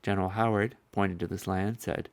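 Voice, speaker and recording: A man narrating a historical first-person account in a measured, solemn way, with a gravelly voice. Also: sits low, fairly even intonation, no echo. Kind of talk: solemn reading of a historical speech.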